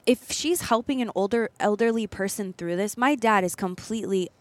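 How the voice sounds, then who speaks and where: A woman's voice: medium pitch, moderate pace, no room sound. A woman co-hosting a podcast, telling a story in casual chat and acting out the people she quotes. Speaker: podcast co-host.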